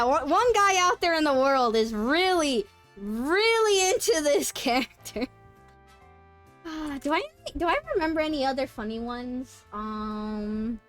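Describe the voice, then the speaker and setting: A young adult woman streamer chatting with her viewers in an animated, dramatic storytelling way. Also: high voice. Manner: animated, dramatic storytelling with sudden shrieks and laughs. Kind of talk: casual chat with stream viewers.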